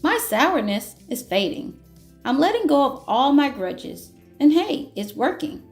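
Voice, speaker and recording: A woman reading aloud as a once-grumpy grape who has learned to forgive, in a gentle, reflective storybook manner. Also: high-pitched, big pitch swings, a little slow, echoey room, faint music behind. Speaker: children's book reader. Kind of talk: picture book read-aloud.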